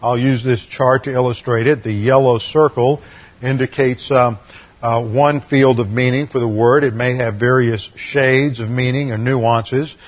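Guy preaching a bible lesson, middle pitch, explains step by step, kinda dull muffled recording. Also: fairly even intonation, unhurried. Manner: explanatory, methodical, with frequent restarts. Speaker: Bible teacher. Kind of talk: sermon lecture.

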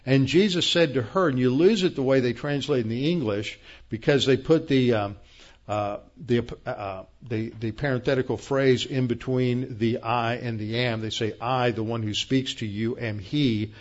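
Man, Bible teaching sermon, mid-pitched voice, dull lo-fi recording, halting fillers. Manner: plain explaining tone with frequent fillers and restarts. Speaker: pastor.

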